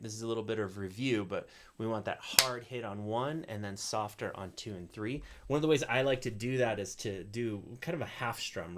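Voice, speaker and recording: A man teaching an online ukulele lesson, explaining in a relaxed way with frequent fillers. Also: lowish voice.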